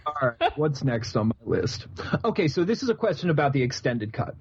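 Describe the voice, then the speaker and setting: This podcast co-host, a man in his thirties, speaks briskly in a fairly high, husky voice with big swings in pitch. He jokes through stories during a casual movie chat and laughs often. The audio is muffled and lo-fi.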